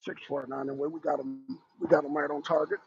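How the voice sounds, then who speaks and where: Guy putting on a low quiet sniper doing radio calls, terse, gravelly, flat dull sound. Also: brisk, heavily acted. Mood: calm. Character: calm, clipped male military sniper on radio.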